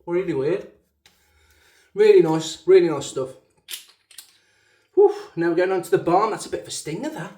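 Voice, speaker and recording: A man from the English West Midlands with a Black Country accent chats while shaving for his channel, rambling loosely and poking fun at himself. His voice is fairly high with a dark tone, at a moderate pace with long pauses, and it echoes around a hard-surfaced bathroom.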